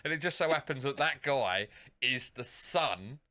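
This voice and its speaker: A man's voice: medium pitch, lively intonation, measured pace, bright, forceful tone. A man co-hosting a podcast, retelling a film scene in casual, sweary chat full of fillers. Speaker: podcast co-host.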